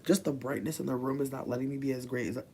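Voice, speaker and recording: A livestreamer chatting casually from a room at home, rambling and swearing, swinging between quiet mutters and loud bursts. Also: medium pitch, fairly even intonation, racing, slight background noise.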